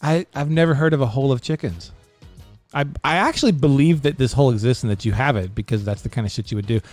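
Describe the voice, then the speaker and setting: A man hosting a casual podcast, animated and quick to laugh, with crude jokes. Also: medium pitch, soft background music. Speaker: podcast host.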